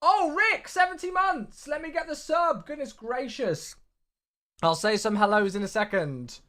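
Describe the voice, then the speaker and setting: Upbeat man greeting viewers. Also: unhurried. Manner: upbeat, chatty, big swings in pitch and loudness. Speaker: flight sim livestreamer. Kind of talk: casual livestream chat greeting viewers.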